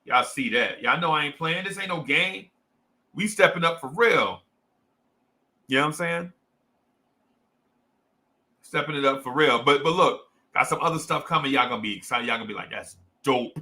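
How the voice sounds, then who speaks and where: Fairly high-pitched and bright, this young New Jersey man speaks at a moderate pace with long pauses and a forceful tone. He hosts a casual fan livestream about sports, loaded with slang, repetition, and hype.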